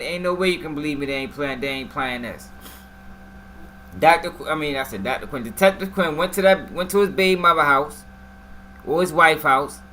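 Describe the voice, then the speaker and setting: Casting: male live-stream commentator, higher voice, bright and forceful, slangy and animated, faint noise behind. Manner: slangy, animated, talks straight to the viewers.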